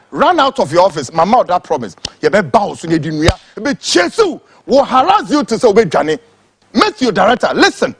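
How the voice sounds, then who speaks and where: A man's voice: high voice, sing-song, fairly quick, slight background noise. A Ghanaian man giving an angry, impassioned political rant, switching between English and Twi. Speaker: political commentator.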